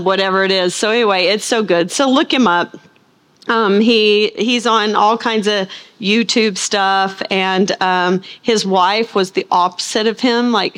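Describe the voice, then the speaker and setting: Chatty, animated woman Bible teacher. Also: mid-range voice. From United States. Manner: rambling, animated storytelling with playful asides. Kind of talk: chatty sermon intro to a live audience.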